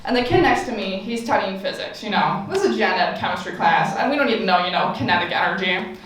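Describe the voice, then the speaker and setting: A young woman performs stand-up in a campus forum room, spinning sarcastic, playful stories for an audience that laughs along. Her mid-range voice is expressive and fast. Captured from far off in an echoey room, the recording carries slight background noise.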